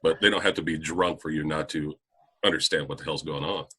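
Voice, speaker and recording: A man co-hosting a casual chat, laid-back and telling stories in a relaxed way. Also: extremely low pitch, brisk, slightly rough. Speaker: podcast co-host.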